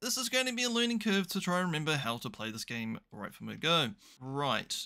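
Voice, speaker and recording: A man's voice: fairly high pitch, brisk, vocal fry, pushed and bright. A young man commentating a management game, chatty and thinking aloud with dry, self-mocking asides. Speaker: gaming YouTuber. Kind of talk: casual let's play commentary.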